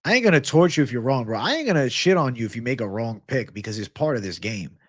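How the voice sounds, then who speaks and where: A man's voice: mid-range voice, lively intonation, fast talker, a bit bright, no echo, studio quality. A man hosting a live stream with betting picks, talking casually with lots of swearing and hype, reacting to the chat. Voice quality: profane, hyped, chatty, reacts aloud to live chat. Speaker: livestream host giving betting picks.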